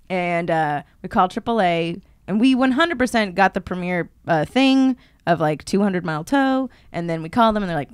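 A woman's voice: on the low side, fairly quick, few pauses, smooth, no room sound. Dry close-miked woman spinning a story. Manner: animated storyteller who acts out the people in her story. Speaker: podcast co-host. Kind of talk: casual storytelling chat. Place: podcast studio.

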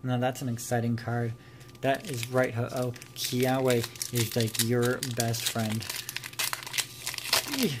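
Man, casual unboxing chatter, mid-pitched voice, faint background hiss, giggly asides. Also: level tone, takes it slowly, long pauses. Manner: chatty, muttering card names, giggly asides. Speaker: trading card pack-opening YouTuber.

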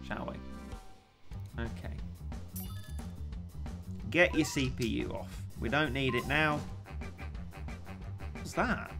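A young man chats casually on a game stream, ranting one moment and poking fun at himself the next. His pitch sits in the middle, and faint game music plays behind him. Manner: chatty, ranting, self-mocking. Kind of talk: casual live-stream chat while gaming.

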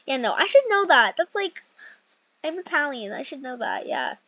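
A woman's voice: high-pitched, sing-song, moderate pace, pushed and bright, dry recording. A young woman casually commentating a role-play game in a chatty, rambling way, often correcting herself. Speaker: gaming channel host. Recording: dull lo-fi mic.

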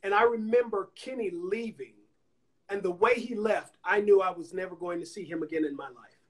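A notably high-voiced songwriter-producer from Anniston, Alabama, tells long stories at a moderate pace during a casual interview, animatedly slipping into the voices of those he quotes. He's connected by phone to an Instagram Live stream.

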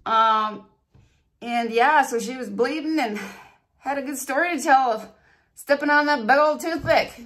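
A woman beauty vlogger telling stories and walking through a hair tutorial in a chatty, animated way. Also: high-pitched, measured pace. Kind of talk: casual storytelling and hair tutorial.

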